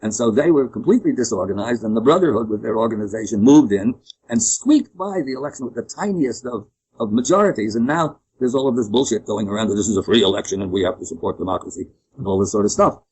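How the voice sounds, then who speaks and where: A man's voice: on the low side, lively intonation, quick pace, darkish tone, husky, low-quality recording. A man giving an opinionated, rambling interview, often restarting his sentences. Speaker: interview guest. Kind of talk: conversational interview.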